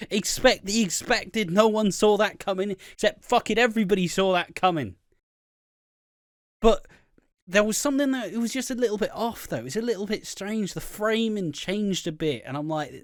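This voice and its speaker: A British man co-hosting a podcast, recapping a soap episode in casual, excitable chat, swearing a lot and acting out the characters' lines. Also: sits high, normal speed, dry recording, studio quality. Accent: British English. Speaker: podcast co-host.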